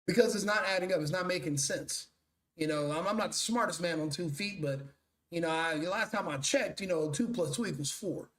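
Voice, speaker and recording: A man's voice: high-pitched, a little fast, fairly bright tone, roomy sound. A male show host delivering a blunt, profane, mocking commentary rant.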